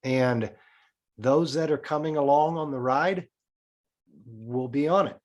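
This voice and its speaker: A man guest on a podcast, speaking earnestly and deliberately about spiritual ideas. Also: medium pitch, highs cut off. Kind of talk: spiritual talk.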